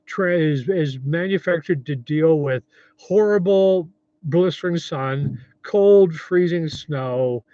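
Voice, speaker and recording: A man's voice: on the high side, takes it slowly, mellow, no echo, muffled recording. A 70-year-old man hosting a casual livestream, rambling in a friendly way and reading viewer comments aloud. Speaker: livestream host.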